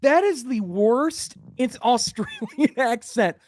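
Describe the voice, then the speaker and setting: A man's voice: very high-pitched, expressive, slow, a little mellow. A young man co-hosting a casual podcast, teasing his partner and laughing along. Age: young adult. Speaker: podcast co-host.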